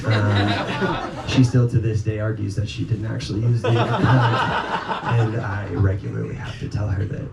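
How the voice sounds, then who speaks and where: A North Dakota man tells a story live to an audience, unhurried and casual, rambling with lots of ums and swearing. His lowish voice has vocal fry and lively intonation, captured from far off in an echoey, noisy room.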